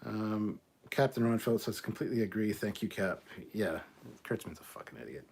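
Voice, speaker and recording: A man's voice: lowish voice, fairly quick, a little mellow, slightly rough. A middle-aged man hosting a casual livestream, reading viewer comments aloud and reacting in a chatty way, swearing freely and joking about himself. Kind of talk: casual live chat.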